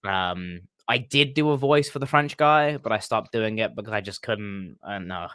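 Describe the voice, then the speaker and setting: Low-ish guy voice, lots of ums and stops, dry close mic. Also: normal speed, fairly bright tone, smooth, no echo. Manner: hesitant, many ums and restarts. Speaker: game master and stream co-host. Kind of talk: casual podcast chat.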